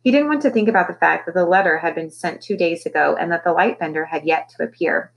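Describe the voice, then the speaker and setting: A woman teacher reading a children's novel aloud with expressive storytelling. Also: fairly low pitch, fast talker, creaky, poor audio.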